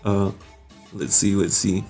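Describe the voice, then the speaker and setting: A man's voice: sits low, little pitch movement, slow, mellow, faint music behind. A young man hosting a live stream, casually greeting viewers by name and reading their comments aloud with frequent laughs.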